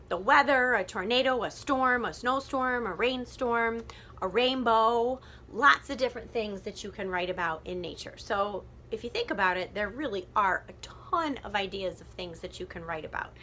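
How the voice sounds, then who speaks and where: A woman's voice: on the high side, bright, forceful tone. A woman teacher giving a recorded lesson from a classroom, explaining step by step with patience and frequent ums, captured on a phone. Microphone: phone filming chart paper.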